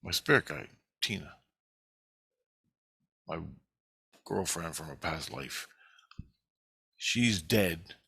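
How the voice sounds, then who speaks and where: A man's voice: sits low, expressive, takes it slowly, creaky, pauses often, pushed and bright, slightly rough, dry recording. A man telling a rambling personal story in a casual, profane way.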